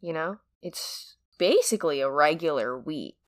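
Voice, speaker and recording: A woman co-hosting a casual podcast chat, relaxed and quick to laugh as she talks about her week. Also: sits low, dry recording. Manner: relaxed, laughs easily, short backchannels. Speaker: podcast co-host.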